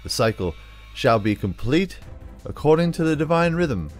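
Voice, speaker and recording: A man's voice: on the high side, sing-song, normal speed, faint music behind, voice pushed up. A man reading out a solemn male cult leader's prophecy in a slight put-on British accent.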